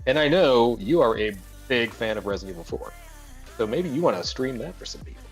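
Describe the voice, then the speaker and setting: A man co-hosting a casual gaming news podcast, animated and jokey, often talking over his partner. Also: mid-range voice, brisk, faint music behind. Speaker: podcast co-host.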